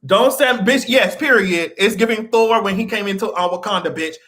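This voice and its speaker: A man's voice: high-pitched, moderate pace, bright, forceful tone. A man hosting a pop-culture commentary livestream, ranting with heavy profanity and frequent laughter. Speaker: livestream host.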